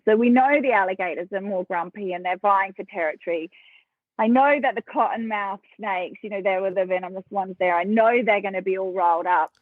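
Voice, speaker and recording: A woman's voice: mid-range voice, no echo. An Australian woman telling stories as a guest in a casual interview, acting out the voices of others and laughing often. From South Australia. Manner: lively storyteller, acts out quoted voices, laughs often. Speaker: podcast guest. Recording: thin phone-like dry sound.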